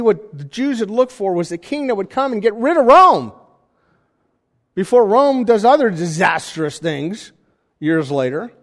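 A man preaching a sermon in a conversational style, with jokey asides and animated emphasis. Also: high voice, long reverb tail. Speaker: pastor.

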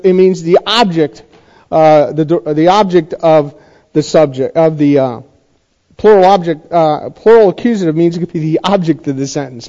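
A pastor explains scripture in a relaxed, mellow tone, his voice sitting fairly high for a man. He talks conversationally, repeating key points and asking whether his listeners are following. The recording sounds dull and slightly lo-fi. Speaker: pastor teaching a Bible study. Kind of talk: sermon-style Bible teaching.

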